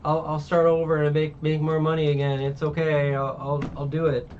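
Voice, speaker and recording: A man voicing an upset, pleading young woman in a casual anime recap, raising his voice higher for her. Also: completely flat delivery, moderate pace, close to an everyday voice. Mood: anxious. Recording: dull distant mic, faint hiss.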